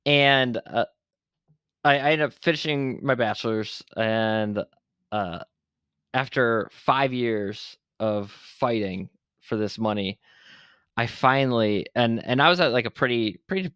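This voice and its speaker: A man's voice: medium pitch, a little slow, clear, resonant tone, no echo, dull audio. Blunt, profane man telling his story. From Buffalo, New York. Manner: blunt and profane, animated retelling. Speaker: podcast guest, veteran entrepreneur. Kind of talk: candid interview storytelling.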